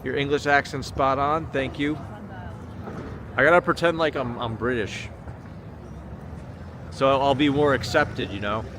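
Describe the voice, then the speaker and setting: A man's voice: medium pitch, a little slow, pauses often. An American man livestreaming from a city street at night, chatting casually and reading viewer comments aloud. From United States. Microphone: small handheld camera mic. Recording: outdoor street noise. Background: city street traffic noise.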